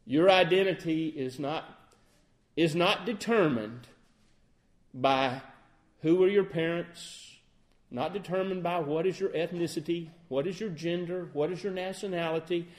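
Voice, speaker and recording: Here a lay preacher, middle-aged, speaks unhurriedly in a voice on the high side. His sermon is sincere, often turning questions on his listeners and acting out how one might phrase things.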